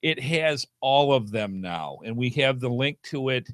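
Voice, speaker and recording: A man's voice: medium pitch, expressive, measured pace, fairly bright tone, no echo, clean studio sound. A middle-aged man co-hosting a podcast in a casual chat, with an upbeat, game-show-host way of talking.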